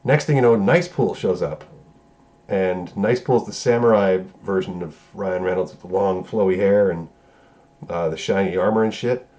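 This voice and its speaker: Low-voiced man rambling through a profane movie recap. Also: moderate pace, mellow, highs cut off. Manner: loose, profane, rambling retelling with self-corrections. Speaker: movie reviewer. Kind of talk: casual spoiler review recap.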